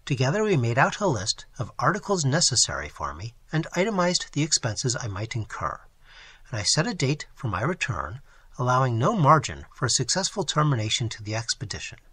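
Husky, animated male storyteller. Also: medium pitch, fairly quick, no echo. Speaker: audiobook reader. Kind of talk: scripted narration of a novel.

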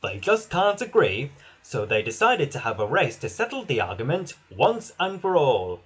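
A man reading a children's storybook aloud in an expressive, sing-song way. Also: mid-range voice, normal speed, husky. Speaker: narrator.

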